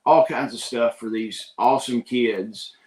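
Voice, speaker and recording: A man's voice: mid-range voice, a little slow, darkish tone, echoey room, rough recording. A man telling a story casually, folksy and earnest, often saying "I was like".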